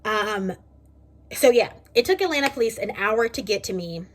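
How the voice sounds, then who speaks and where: A young woman, casually vlogging and telling a story in a chatty, animated way from her kitchen. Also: medium pitch, moderate pace. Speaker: beauty vlogger. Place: home kitchen.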